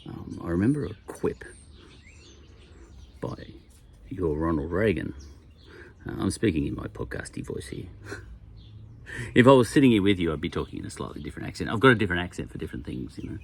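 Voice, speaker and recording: A man's voice: deep voice, expressive, brisk, pauses often, a little hiss or hum. An Australian man in his sixties, talking casually in a rambling podcast monologue, full of wry asides and chuckles. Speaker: podcast host.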